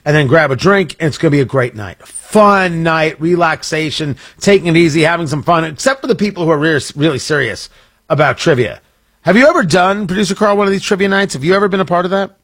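A man hosts a morning talk radio show and talks loosely about an upcoming event, interrupting himself and cracking jokes as he goes. His voice sits a little high and has a husky edge. The studio sound is close and dry. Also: quick pace, fairly bright tone, no echo. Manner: rambling, self-interrupting, jokey.

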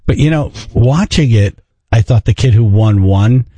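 A man's voice: medium pitch, moderate pace, mellow, husky, dry recording. A man co-hosting a morning radio show, chatting casually and running a silly game with guests.

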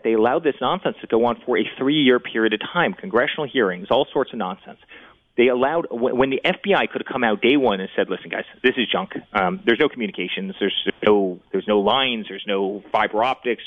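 Man, 40s, rapid guest talker, restarts a lot, phone-line sound. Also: fairly low pitch. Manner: rapid, repeats words when starting sentences. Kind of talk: interview talk.

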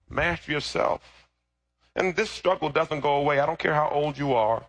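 A middle-aged male pastor delivers a sermon and keeps throwing questions out for the congregation to answer. His voice is bright and forward with a husky grain. It sits a little above the usual male pitch. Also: lively intonation, a little fast. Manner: call-and-response questions to the congregation.

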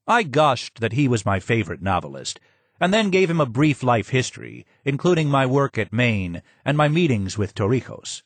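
A man narrating a memoir audiobook in an expressive reading with strong emphasis. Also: mid-range voice, normal speed, slightly rough, no room sound.

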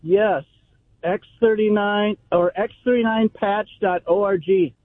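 A man's voice: sits high, steady tone, measured pace, no echo. A man calling into a radio show, joking dryly and speaking matter-of-factly. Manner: dry joking, matter-of-fact. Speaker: caller. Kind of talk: call-in radio chat. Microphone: telephone. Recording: tinny phone line.

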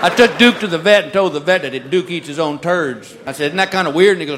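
A married man doing a stand-up comedy routine, with a dry, deadpan delivery as he tells his stories. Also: fairly high pitch, quick pace. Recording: live club audience noise. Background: audience laughter.

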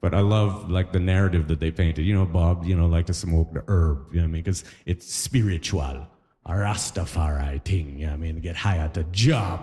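A man doing a stand-up comedy set, telling jokey stories with quick asides to the crowd. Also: sits low, mellow. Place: live comedy stage in a hall. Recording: live stage recording with long hall reverb.

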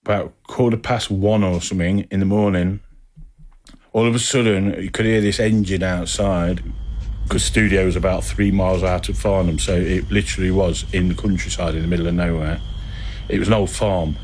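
A man with a rambling, animated storytelling manner, acting out what people said. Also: sits low, normal speed, a little hiss or hum. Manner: rambling, animated anecdotes with acted-out quotes. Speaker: interviewee. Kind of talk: casual storytelling.

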